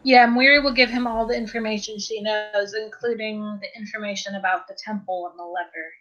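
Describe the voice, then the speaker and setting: Flat-voiced woman playing a tabletop game. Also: medium pitch, brisk, lo-fi sound. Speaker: player. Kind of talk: tabletop role-play.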